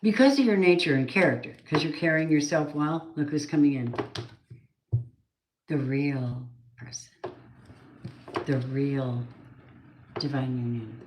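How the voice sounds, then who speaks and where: A woman's voice: low-pitched, measured pace, long pauses. A woman giving a casual tarot card reading, chatty and blunt, swearing now and then. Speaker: tarot reader. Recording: roomy echo, faint noise.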